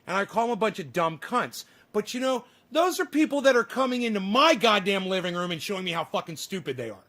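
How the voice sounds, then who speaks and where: High-voiced profane ranting man. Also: animated, brisk, a bit bright. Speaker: livestreamer. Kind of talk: casual livestream rant.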